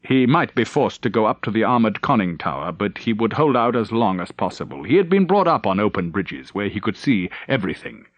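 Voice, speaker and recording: Man reading a war book aloud, lots of pitch movement, dry close mic. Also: big pitch swings, dry recording, highs cut off. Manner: measured, dramatic reading. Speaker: audiobook narrator. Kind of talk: scripted narration.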